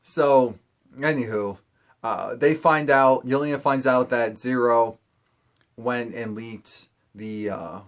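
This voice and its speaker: A young man casually recapping a TV episode, quickly acting out the characters in quoted asides. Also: mid-range voice. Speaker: TV recap host.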